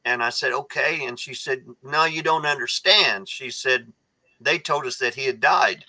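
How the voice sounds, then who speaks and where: Earnest man telling stories, bright voice. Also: medium pitch, moderate pace, poor audio. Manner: earnest storyteller with frequent restarts. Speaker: guest, foundation founder. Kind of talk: casual podcast conversation.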